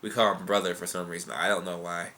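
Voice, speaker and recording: Low-pitched, fast and sharp with little pitch movement, a young man fields questions from viewers. He chats casually, rambling, swearing and restarting his sentences loosely.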